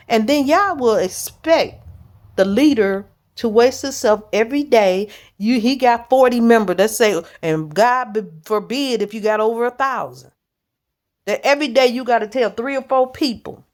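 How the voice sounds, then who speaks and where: A woman church leader delivers an informal sermon, talking bluntly and straight to the point in plain everyday words. Her voice sits a little on the high side. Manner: blunt, direct, street-plain talk. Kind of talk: informal preaching.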